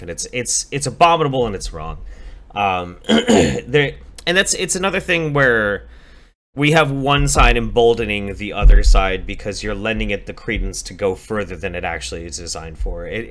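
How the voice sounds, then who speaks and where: A man on a call, talking bluntly and profanely in a casual debate, telling stories with energy. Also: lowish voice. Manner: blunt, profane, animated storytelling.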